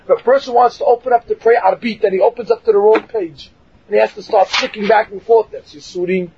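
A man teaching a Torah class, telling stories and acting out the quotes with animated laughter. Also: sits high, fast, vocal fry, highs cut off, background noise.

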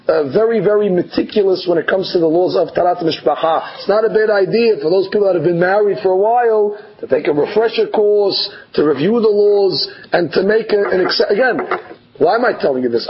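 High-voiced rabbi with a dull recording. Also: male voice. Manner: conversational, argues with imagined listeners. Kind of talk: Torah class.

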